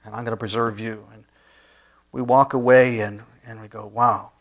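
A man's voice: medium pitch, flat delivery, normal speed, gravelly. Man preaching a conversational sermon. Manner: conversational preaching with frequent restarts and soft asides. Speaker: pastor.

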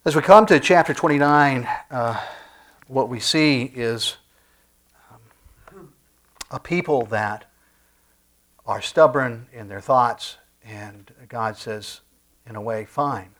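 A man preaching a sermon in a conversational way, with frequent restarts and soft asides. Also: medium pitch, takes it slowly, pauses often. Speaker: pastor.

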